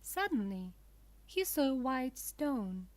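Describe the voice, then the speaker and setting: A woman reads a children's storybook aloud for English learners. Her delivery is very slow and deliberate, and every word is clear. Her voice sits somewhat high. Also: very animated. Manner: clear, deliberate, simple phrasing. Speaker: narrator.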